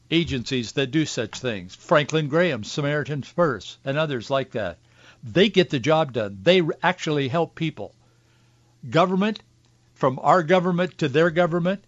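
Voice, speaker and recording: A man's voice: fairly high pitch, no room sound, dull audio. A man hosting a talk show, delivering an opinionated political commentary monologue with wry asides and restarts.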